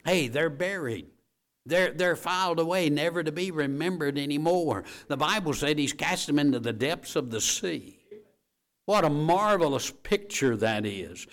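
A man preaching a sermon in a folksy way, repeating key phrases and swinging between quiet, low lines and loud, emphatic bursts. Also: expressive, normal speed. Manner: folksy asides to the congregation.

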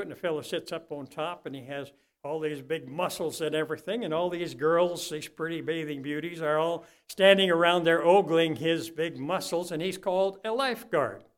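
This older preacher's voice sits fairly high as he addresses the congregation in sermon form. His style is homespun storytelling, alternating gentle side remarks with surges of loud fervor.

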